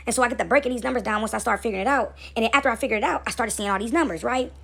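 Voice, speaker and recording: A woman's voice: on the high side, racing, gravelly, a bit bright, slightly rough. A woman speaking to camera in a casual spiritual monologue. She keeps asking "right?" and repeats phrases for emphasis. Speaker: spiritual video host.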